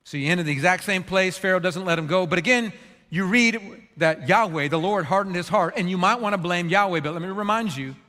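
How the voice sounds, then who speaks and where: Earnest pastor giving a sermon, a man with a high voice, in a reverberant hall. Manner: earnest, animated storytelling, acts out quotes.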